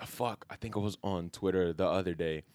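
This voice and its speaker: A man's voice: moderate pace, no room sound. A man co-hosting a podcast in casual chat, rambling and swearing, acting out quoted people with laughter. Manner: animated, laughing, acts out quotes in loud high voices. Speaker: podcast co-host.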